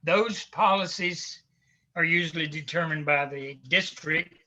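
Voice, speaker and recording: A man with a South Carolina Southern accent, giving a slow, deliberate conference talk of advice to visiting teachers. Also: a little high, pushed and bright. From South Carolina, United States. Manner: slow, deliberate, advisory, with fillers. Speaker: conference speaker.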